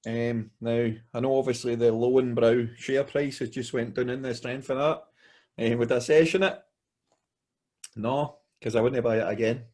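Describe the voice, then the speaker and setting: A man's voice: mid-range voice, steady tone, normal speed, a little mellow. A Glaswegian man co-hosting a casual beer review podcast, laid-back and chatty, full of "aye" and "mate". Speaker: podcast co-host.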